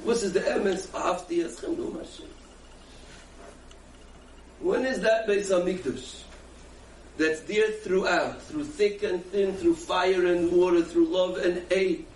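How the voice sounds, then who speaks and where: A man, a rabbi, giving an animated Torah lecture, asking rhetorical questions and answering them himself with emphatic repetition. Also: high voice, measured pace, pauses often. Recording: echoey room from a distance with faint background noise.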